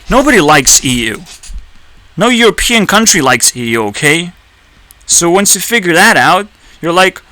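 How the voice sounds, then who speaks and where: A man ranting on a video channel, swearing a lot and breaking into sudden high-pitched outbursts. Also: very animated, moderate pace, pushed and bright, no room sound, low-quality recording. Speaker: YouTuber. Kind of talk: ranting commentary.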